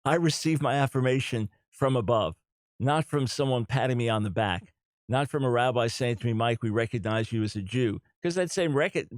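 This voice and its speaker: A man's voice: on the high side, dry recording. A middle-aged man hosting a talk radio show, speaking earnestly and emphatically, repeating his key points.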